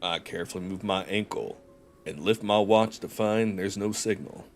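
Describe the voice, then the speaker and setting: A young man with a relaxed Southern US drawl and a lowish voice, reading game narration slowly and joking with his audience between lines. Soft music plays underneath. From Georgia, USA. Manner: chatty, joking, slow and deliberate when narrating. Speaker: streamer. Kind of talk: casual chat while reading a game story aloud.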